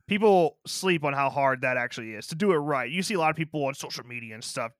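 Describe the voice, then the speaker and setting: A man co-hosting a podcast, reviewing a movie in laid-back casual chat and acting out quotes in a higher voice. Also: lively intonation, fast talker, no room sound, clean studio sound. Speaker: podcast co-host.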